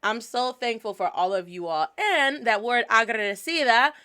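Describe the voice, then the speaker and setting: A woman's voice: fairly high pitch, expressive, moderate pace, bright, forceful tone. A woman hosting a casual teaching podcast, upbeat and playful, spelling words out and coaching her listeners. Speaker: podcast host and language teacher.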